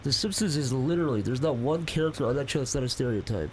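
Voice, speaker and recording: Fast-talking, blunt man in group banter. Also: medium pitch, expressive, faint music behind, poor audio. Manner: blunt, profane, joking. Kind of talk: casual chat.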